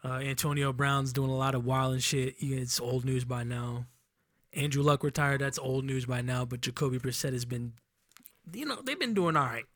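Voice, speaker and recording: A young man runs down football standings in a loose, rambling, profane way, often stopping to correct himself. His voice sits at an ordinary middle pitch. The sound is dry and close, with no room ring. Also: normal speed, fairly bright tone, no echo. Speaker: podcast host. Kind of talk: casual sports chat. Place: Enumclaw, Washington.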